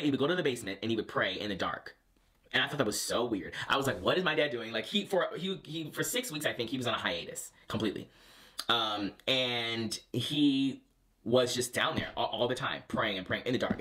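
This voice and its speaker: A man's voice: mid-range voice, pushed and bright. A young man vlogging, casually telling a personal story with lots of fillers and restarts.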